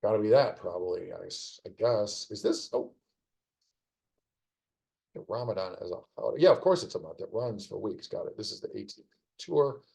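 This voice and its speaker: Male streamer, low and gravelly, mellow tone, casual wry muttering while solving a crossword. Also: animated, normal speed, low-quality recording. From United States. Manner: rambling, wry asides, thinking aloud.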